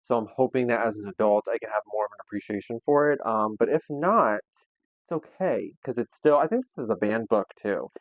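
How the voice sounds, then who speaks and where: A man's voice: on the low side, animated, a little fast, no room sound, lo-fi sound. Sassy, chatty young man. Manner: chatty, sassy and playful, with slang. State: a little out of breath. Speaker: booktube host. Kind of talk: casual book haul vlog.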